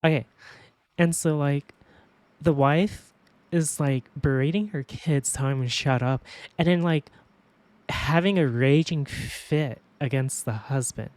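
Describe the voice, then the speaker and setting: Low-voiced woman streamer, swearing and laughing. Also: measured pace, dry recording. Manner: swears freely, laughs often, animated storytelling. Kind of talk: casual stream chat.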